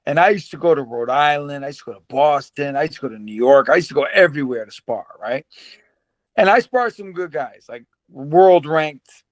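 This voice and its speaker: A man in his fifties, a former pro boxer, telling stories as a guest in a casual interview, animated and laughing often, with many repeated words. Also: on the high side, brisk, no echo.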